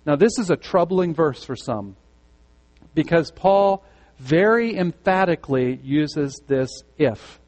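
A man's voice: on the high side, animated, measured pace, darkish tone, in a large hall, low-quality recording. A man preaching a sermon to his congregation, emphatic and repeating key words for weight. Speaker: pastor. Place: church sanctuary.

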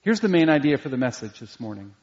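A man's voice: mid-range voice, big pitch swings, quick pace, a little mellow. A man preaching a sermon as pastor, emphatic and dwelling on single words. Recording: dull lo-fi recording in a reverberant hall.

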